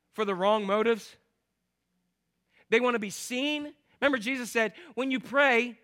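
A man preaching a sermon as pastor, animated, acting out the people in his stories. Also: high-pitched. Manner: animated storytelling, acts out quotes.

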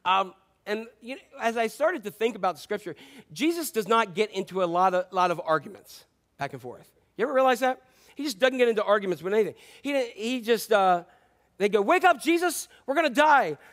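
A man's voice: high voice, lively intonation, a little fast, fairly bright tone. A pastor preaching a sermon in a chatty, joking way, asking his congregation questions and acting out scripture. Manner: conversational and joking, quizzes the congregation; acts out scripture quotes in playful voices.

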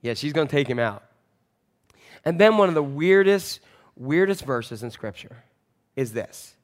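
A male pastor giving a sermon in a church, telling a Bible story in a jokey, self-mocking, animated way on a wireless mic. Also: fairly high pitch, measured pace.

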